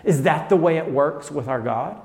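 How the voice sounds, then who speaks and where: A man's voice: a little high, expressive, normal speed, in a large hall. Earnest man preaching a sermon. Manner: earnest preaching, dropping soft then rising emphatic. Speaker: pastor.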